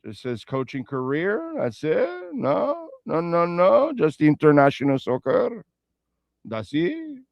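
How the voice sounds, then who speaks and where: A man's voice: on the high side, huge pitch swings, slow, vocal fry, no room sound, muffled recording. A man hosting a sports radio show in a casual, rambling way, with playful asides and betting talk. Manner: reads sponsor ads and betting lines.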